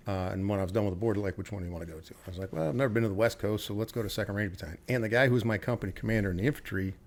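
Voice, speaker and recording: A middle-aged man from the United States talks as a guest on an interview podcast, his voice sitting fairly low. He tells his stories in a casual, blunt way, swearing freely and acting out bits of quoted dialogue. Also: very fast. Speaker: podcast guest, retired Army officer.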